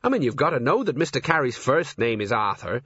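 A man putting on a fussy, know-it-all sergeant who explains everything at length, raised a little above his own voice. The tone is husky and dry and lively in pitch. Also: brisk, dry recording, muffled recording. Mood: chatty. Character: chatty, pedantic middle-aged watch sergeant.

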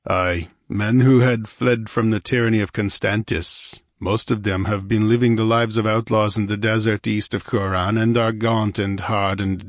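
A man voicing a calm, grim barbarian warrior. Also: lowish voice, dry recording, clean studio sound, lightly acted. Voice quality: calm, imperturbable.

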